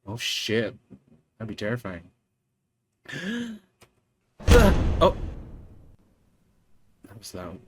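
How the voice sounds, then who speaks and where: Excitable man playing a game. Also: medium pitch, very slow, pauses often, a little hiss or hum. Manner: excitable, swears, laughs, reacts loudly. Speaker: gamer. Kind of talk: let's play commentary. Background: game music.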